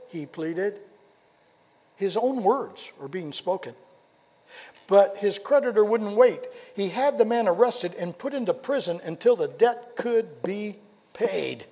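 A male pastor preaching a sermon, telling a story with animated delivery, asking rhetorical questions and dropping to quiet emphasis. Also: high voice, measured pace, slightly rough. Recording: long hall reverb.

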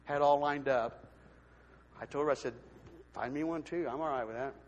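A man giving a testimony from the pulpit in church, telling his story with lively, acted-out voices. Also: on the high side, fairly quick, muffled recording. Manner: animated storytelling, acts out quoted voices. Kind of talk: sermon testimony. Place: church sanctuary. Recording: long hall reverb.

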